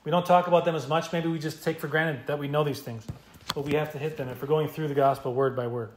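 A man's voice: a little high, fairly even intonation, quick pace, echoey room, a little hiss or hum. A male pastor preaching an expository sermon, emphatic and repeating key phrases for stress. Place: church.

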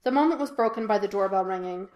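A woman reading a fan fiction audiobook in an even, unhurried storytelling voice. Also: mid-range voice. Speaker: podfic reader. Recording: echoey room.

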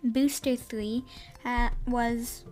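A woman's voice: on the high side, steady tone, extremely slow, darkish tone, faint music behind. A woman hosting a casual podcast, rambling and hesitant, often correcting herself, with wry, self-deprecating humor. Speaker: podcast host. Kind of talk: casual unscripted podcast update.

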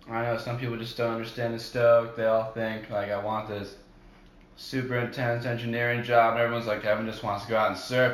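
Young guy, co-host, casual and goofy, slangy surfer talk, middle pitch, echoey room. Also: a bit bright. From New Jersey. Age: young adult. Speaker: podcast co-host. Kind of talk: casual chat.

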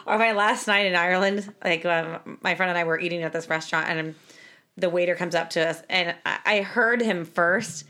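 A young woman co-hosting a podcast, telling stories in casual chat, animated and laughing as she acts out the people she quotes. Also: lowish voice, moderate pace. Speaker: podcast co-host.

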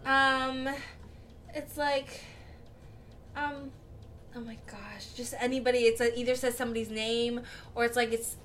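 A young woman chats loosely on a podcast, full of fillers and quick giggles. Her voice sits high and sounds bright and sharp, with faint noise in the background. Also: steady tone. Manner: giggly, rambling with many fillers. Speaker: podcast co-host. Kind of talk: casual chat.

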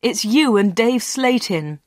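A woman voicing a hurt young village man in a storybook reading, speaking plainly and quietly accusing. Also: on the high side, lively intonation, slow pace, dry recording, studio quality, pitched above the performer's own voice.

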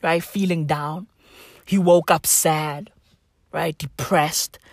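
A woman doing a comedic rant, full of slang and swearing, leaning on "bro" and "bruv", and swinging between shouts and whispers. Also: low voice, fairly even intonation, slow, no echo, studio quality.

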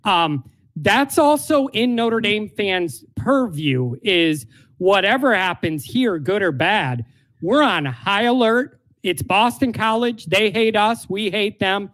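A man with a high-pitched voice holding forth on sports in casual chat. He talks in an emphatic, opinionated way, pressing his points home. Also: expressive, takes it slowly, a bit bright. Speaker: sports podcast co-host.

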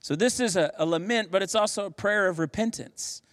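A man's voice: high-pitched, a little fast, fairly bright tone. A man preaching a sermon as pastor, emphatic and given to rhetorical questions. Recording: long reverb of a large hall.

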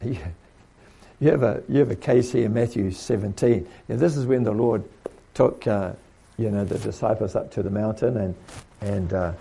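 A man's voice: on the low side, normal speed, creaky, dark tone, husky. A man preaching a sermon in a conversational way, repeating himself and acting out little quotes.

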